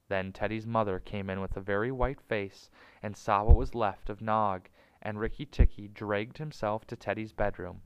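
A man narrating a storybook in a measured, dramatic way. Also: on the low side, vocal fry, clean tone, no room sound, rough recording. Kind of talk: storybook reading.

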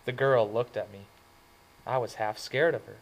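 A man narrates a first-person novel with earnest, plain storytelling. His voice sits at an ordinary middle pitch for a man, steady and unforced. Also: normal speed, low-quality recording. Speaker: audiobook reader.

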